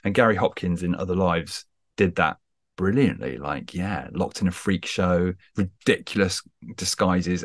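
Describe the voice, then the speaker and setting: A man guesting on a podcast, talking animatedly and poking fun at himself, with lots of quick restarts. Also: low-pitched, no echo, studio quality. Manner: animated, self-deprecating, full of quick restarts. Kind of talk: casual chat. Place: video call.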